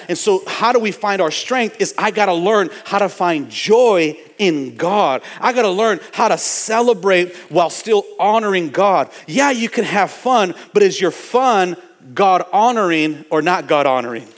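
A man with a high voice preaches a sermon, pressing his points through repetition and calling out to the congregation. His words ring with a long reverb from the church sanctuary around him. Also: lively intonation, normal speed. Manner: emphatic preaching with repetition and audience call-outs. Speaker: pastor.

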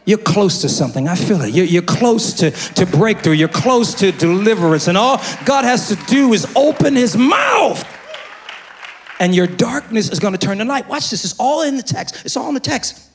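High, lively-voiced man preaching. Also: normal speed, some chatter behind. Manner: preaching with sudden shouts and quiet asides; repeats phrases for emphasis. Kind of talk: sermon. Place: church service before a congregation.

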